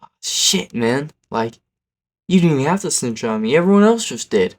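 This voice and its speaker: A man's voice: medium pitch, very animated, moderate pace, pitched above the performer's own voice, lightly acted. A man voicing a reckless, cocky teenage boy classmate who talks in casual slang.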